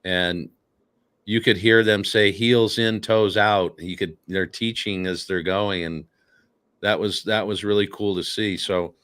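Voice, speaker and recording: A man hosting a casual talk show, speaking earnestly and haltingly with many fillers. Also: deep voice, fairly even intonation, fairly bright tone. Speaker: podcast host.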